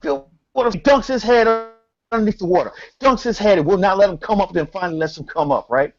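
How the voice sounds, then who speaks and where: Animated slangy man telling a story. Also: high voice, fast, lo-fi sound. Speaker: podcast co-host. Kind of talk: storytelling in casual chat.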